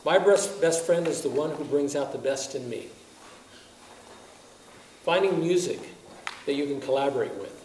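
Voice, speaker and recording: Animated male band clinician, echoey distant room. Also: on the high side, normal speed, pauses often. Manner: animated, asks many rhetorical questions; chuckles often. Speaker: wind band conductor giving a clinic. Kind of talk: lecture to music teachers. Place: lecture room at a teaching workshop. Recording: echoey room, heard from a distance, faint hiss.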